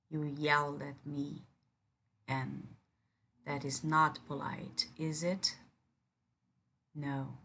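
A woman speaks straight to the listener in an audio role-play, her voice low and husky. She talks very slowly, with firm command that stays caring. Each word is set down with unhurried control. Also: fairly bright tone. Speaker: dominant partner in a role-play.

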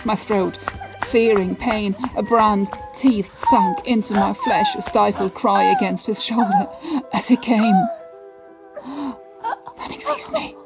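Slow, breathy woman with a gravelly edge. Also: mid-range voice, big pitch swings, low-quality recording. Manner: slow, breathy, sinks into hushed whispers. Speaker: narrator. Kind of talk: dramatic erotic story narration. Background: background music.

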